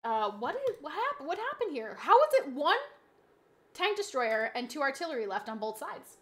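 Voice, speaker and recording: A woman streaming a game, chatting casually with her audience, reading chat aloud and slipping into animated, mock-indignant rants. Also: sits high, moderate pace. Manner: chatty, reads chat aloud, laughs easily. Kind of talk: casual live-stream chat while gaming.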